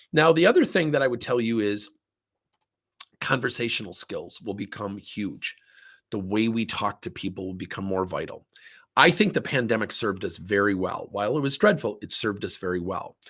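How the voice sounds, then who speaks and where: A middle-aged man who works as a workplace coaching consultant talks to camera with a mid-range, slightly breathy voice. He tells animated stories, acting out the voices of the people he quotes.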